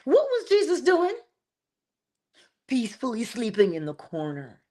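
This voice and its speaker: Woman, middle-aged, spiritual livestream host, lively swooping pitch, preacher-like, animated asides. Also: unhurried. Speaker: host of a morning inspiration livestream. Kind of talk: spiritual talk and livestream greetings. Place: home, early morning.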